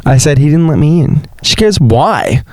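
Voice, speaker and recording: A man's voice: big pitch swings, normal speed, a little mellow, dry recording. Chatty, dramatic young man. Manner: chatty, dramatic, jumps into high sing-song exclamations. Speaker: podcast host. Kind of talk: casual storytelling monologue.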